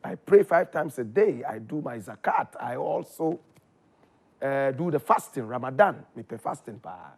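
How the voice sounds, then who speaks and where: A man with a Ghanaian accent telling his story in casual chat, animated, his voice jumping up when excited. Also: mid-range voice, moderate pace, vocal fry, husky. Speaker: guest.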